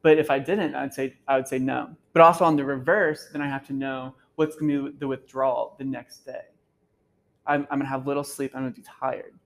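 A man's voice: medium pitch, fairly even intonation, a little fast, gravelly, rough recording. A man speaking as a campus minister, giving a casual faith talk to students in an earnest, personal storytelling way, full of "like" and "um". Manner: conversational, full of "like" and "um" fillers. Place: gathering room at a campus center, live audience.

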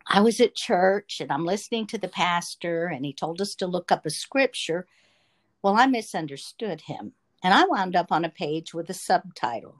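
A woman's voice: on the low side, animated, moderate pace. A woman telling a personal faith testimony in an earnest, emotional storytelling manner. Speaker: testimony speaker.

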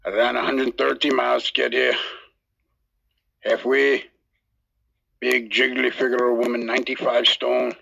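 A man putting on a gravelly fake-Scottish drunk. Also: mid-range voice, exaggerated voice. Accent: put-on Scottish. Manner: crude, deadpan storytelling. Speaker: caller. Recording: dull lo-fi voice message.

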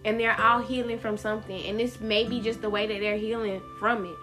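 A woman's voice: a little high, flat delivery, a little fast, pushed and bright. Candid woman podcaster over guitar music. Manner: candid, profane, words running together. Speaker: podcast host. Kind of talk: casual solo podcast monologue. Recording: guitar music playing behind.

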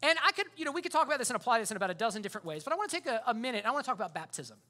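A man's voice: very high-pitched, very animated, racing, pushed and bright. A man preaching a sermon as pastor, in a casual, conversational way full of fillers.

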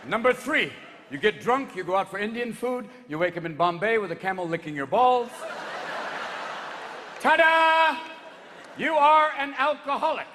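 Wildly animated stand-up comic in his fifties. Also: high voice, long reverb tail, slight background noise. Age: 50s. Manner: rapid-fire, jumping into voices. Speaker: comedian. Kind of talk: stand-up comedy routine. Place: live stage before an audience.

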